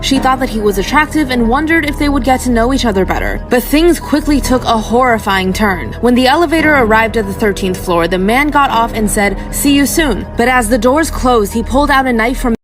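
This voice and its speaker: A woman reading a scary story as scripted narration, slowing and dropping low for suspense. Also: lively intonation. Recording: voice over loud background music.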